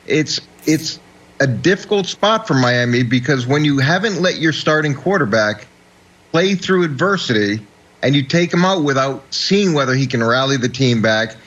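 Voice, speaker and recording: A man's voice: mid-range voice, lively intonation, moderate pace, a bit bright, muffled recording. A middle-aged man, a former football coach, giving analysis on a sports talk show, often restarting and repeating words as he thinks.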